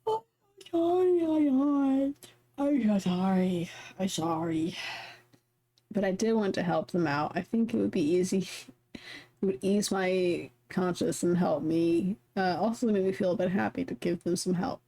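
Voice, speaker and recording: A woman's voice: lowish voice, moderate pace. Chatty young woman streamer. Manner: animated, chatty, swears casually. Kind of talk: casual chat while reading a visual novel aloud.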